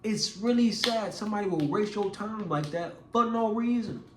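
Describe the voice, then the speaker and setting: Young guy vlogger, slightly high voice, animated storyteller who stumbles and restarts, roomy echo. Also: moderate pace, a little hiss or hum. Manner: animated, acts out quoted voices; casual, repeats words and restarts. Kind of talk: casual storytelling.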